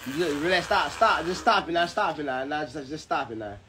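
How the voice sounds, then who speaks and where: In this noisy home video, a young dad who vlogs keeps up loose, profane banter, laughing and teasing as he films his little one. He sits on the high side in pitch, sounds expressive, and speaks fairly quickly.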